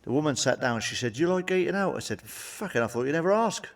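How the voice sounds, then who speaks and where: A man's voice: a little high, lively intonation, quick pace, distant mic. A man telling blunt, sweary stand-up jokes and tagging them with cheeky questions. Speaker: stand-up comedian. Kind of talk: stand-up joke monologue.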